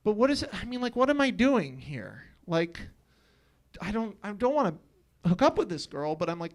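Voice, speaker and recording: A man's voice: sits high, big pitch swings, a little fast. A young man telling a personal story at a live storytelling show, often laughing through his lines and acting out his own thoughts.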